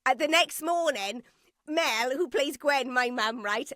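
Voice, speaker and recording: A woman in her forties recounts an emotional story in a podcast interview. Her voice sits a little high and sounds bright, with a dry, close studio sound. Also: a little slow, dry recording. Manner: emotional, animated anecdote with quoted asides. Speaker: guest actress. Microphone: podcast studio mic.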